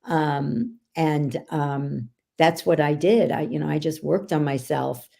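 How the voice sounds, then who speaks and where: A woman with a low, gravelly voice, talking as a guest in a casual podcast chat. She tells her stories animatedly, with a mellow, dark tone. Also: slow pace. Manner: animated, laughing storyteller.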